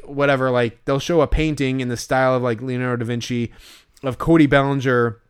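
A man's voice: mid-range voice, fairly even intonation, fairly quick, clean tone. A young man co-hosting a casual podcast chat, rambling with many fillers and acting out the voices he quotes. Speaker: podcast co-host.

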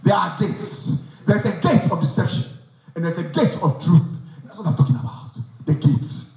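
A man's voice: high voice, lively intonation, moderate pace, vocal fry, a little mellow. A man preaching a sermon, emphatic, firing off rhetorical questions and repeating phrases. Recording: very echoey, dull sound.

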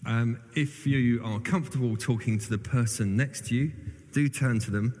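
A man's voice: medium pitch, normal speed, a little mellow. Chatty clergyman in an echoing hall. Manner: chatty, self-deprecating storyteller. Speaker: church clergyman. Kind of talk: informal sermon to a congregation. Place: large reverberant church hall. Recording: long hall reverb.

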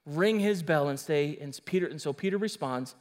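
A pastor delivers a sermon in a high-pitched male voice. He preaches with emphasis and breaks off into casual, conversational asides to the congregation. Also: moderate pace.

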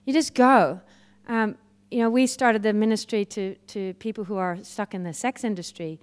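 A woman preaching a sermon, telling personal stories in a lively way and laughing often. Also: mid-range voice, moderate pace, smooth. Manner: lively storytelling, laughs often, acts out quoted voices. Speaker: guest preacher.

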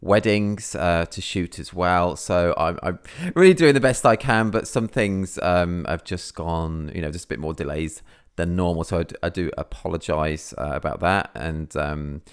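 A man's voice: deep voice, normal speed, clean tone. A man hosting a podcast from England, a wedding photographer ad-libbing in a casual, rambling way with lots of fillers. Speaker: podcast host.

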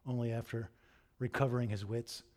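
A man preaching a sermon, telling a story in an expressive, animated way. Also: medium pitch, brisk.

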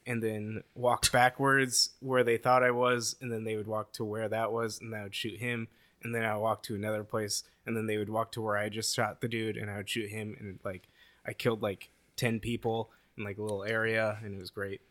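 Casting: man, bright voice, rambling storyteller in casual gaming chat. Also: on the low side, little pitch movement, fairly quick. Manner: rambling storyteller, many fillers.

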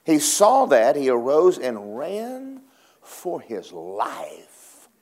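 A male preacher delivers his sermon with a very animated, wide-ranging pitch. He drops to low murmurs, then leaps into high, dramatic cries. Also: drawn-out words.

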